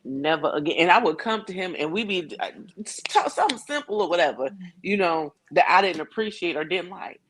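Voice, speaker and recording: A woman's voice: fairly low pitch, expressive, a little fast, fairly bright tone. Emphatic woman guesting on a podcast. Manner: emphatic, relatable, laughs easily. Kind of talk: casual conversational podcast.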